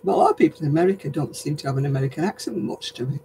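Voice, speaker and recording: Talking very fast and animatedly, a broad-accented Lancashire woman answers viewer comments as she crochets on a craft livestream. Her deep voice has a dark tone, and the poor audio has slight background noise.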